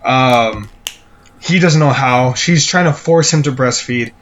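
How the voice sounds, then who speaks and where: A man's voice: mid-range voice, a little slow, a bit bright, muffled recording, slight background noise. A man co-hosting a casual film review podcast, talking bluntly, swearing and playing out the scenes. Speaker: podcast co-host.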